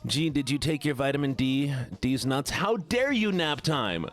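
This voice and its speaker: A man's voice: medium pitch, expressive, measured pace, natural voice. A man putting on a stupid, whiny voice as a childish classmate who tattles. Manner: whiny and nagging.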